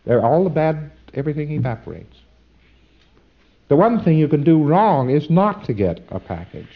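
A man's voice: on the high side, big pitch swings, normal speed. A man giving an informal instructional lecture, folksy and emphatic, with frequent asides and fillers. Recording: dull lo-fi recording.

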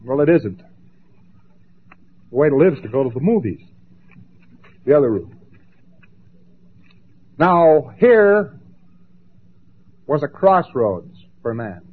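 A man giving a lecture, emphatic and dramatic, with long pauses and mocking asides. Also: mid-range voice, very animated, breathy edge. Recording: tinny lo-fi old recording.

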